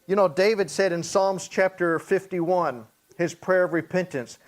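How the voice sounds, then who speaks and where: A man, a pastor, teaching a Bible study, reading scripture slowly and explaining it in plain, everyday talk. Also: high-pitched, fairly even intonation. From Hawaii.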